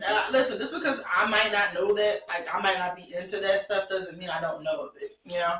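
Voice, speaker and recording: A woman's voice: mid-range voice, brisk, pushed and bright. A woman co-hosting a casual podcast, playful and teasing, joking with the others. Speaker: podcast co-host. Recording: roomy room, mic at a distance, faint noise.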